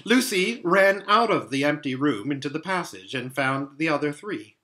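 A man reading a children's novel aloud, expressive and animated as narrator. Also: mid-range voice, moderate pace. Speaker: storybook reader. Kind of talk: storybook read-aloud.

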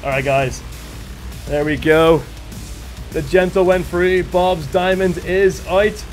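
A man commentating a live game stream with excitable energy and a slightly strained voice, thanking viewers as he goes. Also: sits high, slow pace, faint music behind.

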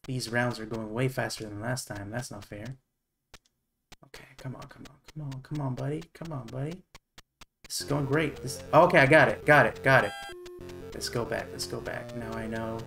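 A man's voice: medium pitch, steady tone, moderate pace, sharp tone, soft background music. Man muttering over retro gameplay. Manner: mutters and curses to himself under stress; wry, self-mocking asides. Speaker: streamer playing retro games. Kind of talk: live gameplay commentary.

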